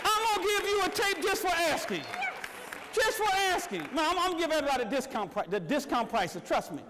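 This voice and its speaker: A man with a very high voice leads a workshop, pushing the audience with repeated calls for energy and action. His voice carries through a reverberant meeting room, with a faint crowd murmuring behind him. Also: sing-song, fast, background noise. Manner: exhorting, repetitive, urging the crowd on. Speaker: motivational speaker.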